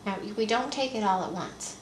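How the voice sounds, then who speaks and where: A mother softly coaxing her baby through a feeding, speaking in gentle baby talk on a home video. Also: mid-range voice, lively intonation, moderate pace, slight background noise. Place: room at home. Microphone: home video camera. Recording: echoey home video room.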